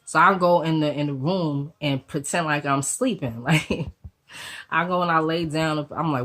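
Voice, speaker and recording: In a casual storytime vlog, a woman whose low voice is husky from a lingering cold speaks directly to her viewers. Her delivery is quick and loose, packed with slang and curses, and lively asides keep the story rolling.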